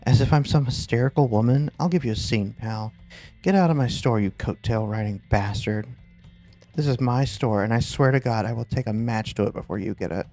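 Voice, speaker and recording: A man's voice: medium pitch, fast, few pauses, a little mellow, soft background music, close to an everyday voice. A man voicing a fiery, defiant record store owner who bursts out angrily at a landlord. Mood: furious. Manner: angry, defiant outbursts.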